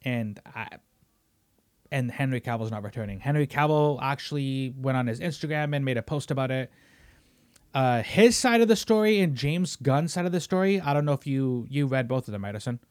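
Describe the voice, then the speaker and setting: A young man hosting a casual podcast, ranting heatedly with lots of swearing and loud emphatic bursts. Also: mid-range voice, expressive, brisk. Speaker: podcast host. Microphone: studio microphone.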